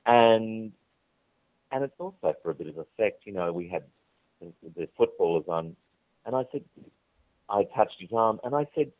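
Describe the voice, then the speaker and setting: Speaking at a moderate pace with long pauses, the interviewed TV presenter has a fairly low voice on a dry, tinny, phone-like recording. He's a vivid storyteller, sharing candid, chatty tales and acting out what people said.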